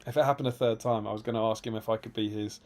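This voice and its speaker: A man's voice: on the low side, steady tone, racing, a little mellow. A man co-hosting a live stream, chatting casually and telling rambling stories with many restarts. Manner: rambling, self-interrupting storyteller, reads chat aloud. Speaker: stream co-host.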